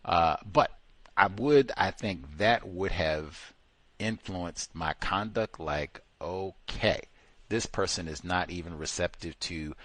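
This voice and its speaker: A man hosting call-in talk radio, animated and mocking, laughing often as he riffs on a caller's story. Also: low-pitched, slow, dry recording. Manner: animated, mocking voices of others, frequent laughter. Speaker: radio show host.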